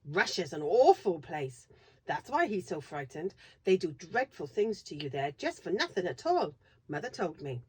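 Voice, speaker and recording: A woman reading aloud, voicing an eager, excitable schoolboy in a storybook. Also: on the low side, breathy edge, full character voice. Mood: excited. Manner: excited, quick to exclaim.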